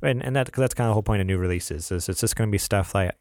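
A man's voice: lowish voice, racing, a little mellow, no echo, studio quality. A man co-hosting a casual gaming podcast, talking in a laid-back, rambling way with plenty of filler words. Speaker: podcast co-host.

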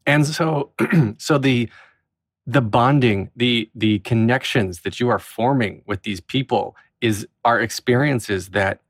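A man's voice: mid-range voice, takes it slowly, dry recording, studio quality. A man hosting a podcast, asking questions and reflecting in an earnest, casual way. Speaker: podcast host. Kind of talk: casual interview.

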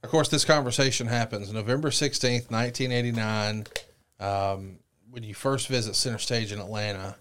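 A man's voice: fairly low pitch, fairly even intonation, normal speed, fairly bright tone, slight background noise. A man hosting a podcast interview, reading book passages aloud and asking follow-up questions. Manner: prompting, reads quoted passages then asks follow-ups. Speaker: podcast host.

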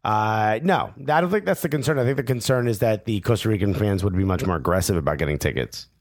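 A man's voice: on the low side, animated, dry recording. Teasing podcast man, dry close sound. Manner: teasing, provocative, quick with jokes. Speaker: podcast co-host. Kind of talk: casual chat.

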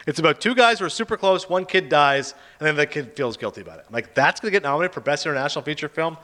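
Quick-talking and sarcastic, this male podcast host reviews films in a casual chat. He gets animated as he recounts the plots, his pitch moving up and down a lot.

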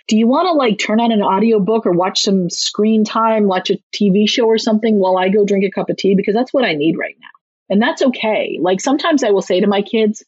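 A woman parenting author and clinical social worker giving casual advice in an interview, animated and slipping into quick acted-out lines of parents and kids. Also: mid-range voice, breathy edge, no echo, lo-fi sound.

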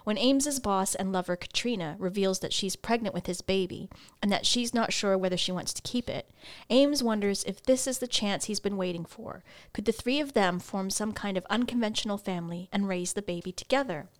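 A woman's voice: mid-range voice, fairly quick, hardly any pauses. A woman co-hosting a book club podcast in casual chat, laughing often. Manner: laughs often, lively sign-offs.

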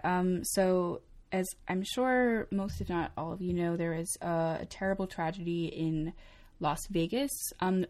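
A woman's voice: lowish voice, a little mellow. A young adult woman co-hosting a casual talk show, chatty, with frequent laughs and fillers. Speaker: co-host. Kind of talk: casual chat.

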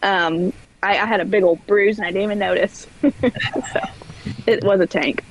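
A woman telling stories as a guest on a podcast, chatty and quick to laugh. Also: mid-range voice, steady tone, rough recording. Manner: chatty storyteller, laughs often. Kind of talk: casual podcast chat. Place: where floods hit badly.

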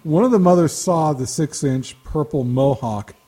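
A man's voice: on the high side, normal speed, dark tone, breathy edge. A man telling rambling anecdotes on a casual podcast, chuckling now and then. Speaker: podcast co-host. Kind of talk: casual storytelling chat.

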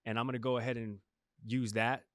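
A man's voice: mid-range voice, flat delivery, brisk, fairly bright tone, no echo, studio quality. Jokey man co-host. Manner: jokey, playful. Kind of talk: casual chat.

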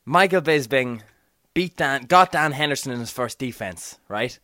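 Emphatic podcast co-host. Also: male voice, medium pitch, lively intonation, moderate pace, bright, forceful tone, dry recording, studio quality. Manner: emphatic, keeps asking "do you know what I mean". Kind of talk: casual sports podcast chat.

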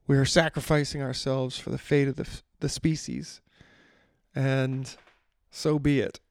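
Man playing a self-sacrificing zealot giving a solemn speech; gravelly, dry. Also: mid-range voice, level tone, a little slow, no echo.

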